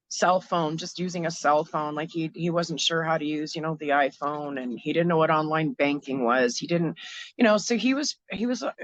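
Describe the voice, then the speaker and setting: A woman from Canada, a guest in an interview, telling a hard personal story in a frank, halting way with many fillers and restarts. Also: sits low, no echo, dull audio.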